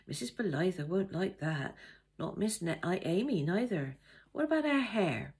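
A woman's voice: on the low side, expressive, moderate pace, darkish tone, husky. A woman reading aloud, voicing a bossy, motherly middle-aged cook who scolds the maid. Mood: scolding.

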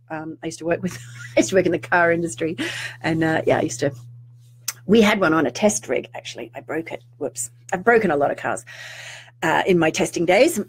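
A middle-aged woman, a spiritual teacher talking to viewers in an animated, ranting way with mock-outraged asides. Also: on the high side. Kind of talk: live-streamed rant to viewers.

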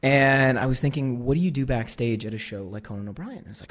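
A man's voice: mid-range voice, fast, few pauses. Self-mocking American man telling stories. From United States. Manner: animated, self-deprecating, acts out the dialogue. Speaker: guest speaker. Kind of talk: comic storytelling to a live audience.

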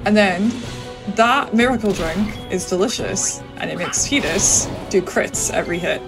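A woman's voice: mid-range voice, unhurried, rough recording. Sick woman talking thru her speedrun, laughs a lot, game music under her. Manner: chatty, laughs often, thinks aloud with many ums. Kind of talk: live commentary on her own speedrun.

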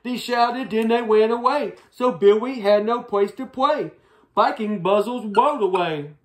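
A woman's voice: on the high side, a little slow. A woman reading a rhyming picture book aloud in a sing-song way, stopping now and then to fix her slips. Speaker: storyteller.

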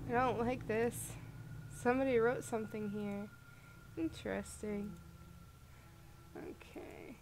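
A woman hosting a let's-play video, reading the game's dialogue aloud and reacting gently. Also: fairly high pitch, fairly even intonation, slow pace, long pauses, slight background noise. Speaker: gaming video host.

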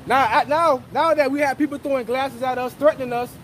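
A man's voice: extremely high pitch, steady tone, a little fast, fairly bright tone. A man preaching on a street corner, fiery and profane, tagging his lines with "man" and "bro". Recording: street recording with crowd noise. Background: crowd and passing traffic.

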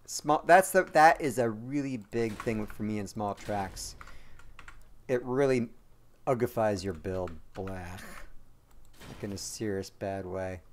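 A man streaming a game live, chatting and rambling to his viewers, joking and quick to apologize. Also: fairly low pitch, slight background noise. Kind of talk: live gameplay commentary to chat.

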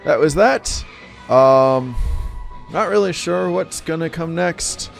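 A man mutters and rambles in an easygoing way while hosting a game playthrough. His voice is gravelly with a lively, bouncing pitch, and faint game music plays behind him. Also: slow. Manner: laid-back, rambling, mumbling asides. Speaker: let's play host. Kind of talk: casual commentary over game credits.

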